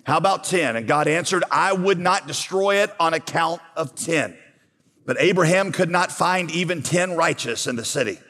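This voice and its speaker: A man's voice: on the high side, normal speed, fairly bright tone. Man preaching in a reverberant hall. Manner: storytelling with rhetorical questions. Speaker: pastor. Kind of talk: sermon.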